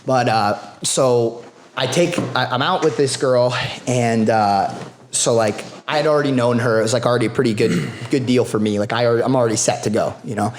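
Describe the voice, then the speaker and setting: A young man, a guest grappler, telling a story on a casual podcast in an animated, profane way, full of filler words. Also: medium pitch, brisk.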